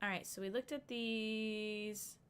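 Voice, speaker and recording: A woman's voice: on the high side, fairly even intonation, slow, a little hiss or hum. A woman streaming a video game, chatting casually with rambling asides and frequent laughter. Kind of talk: casual gameplay commentary.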